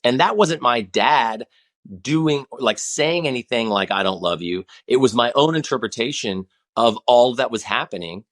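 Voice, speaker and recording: A man's voice: medium pitch, fairly bright tone. A man in his forties, a guest on a podcast, talking in a rambling, passionate way with many restarts. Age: 40s. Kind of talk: casual conversation.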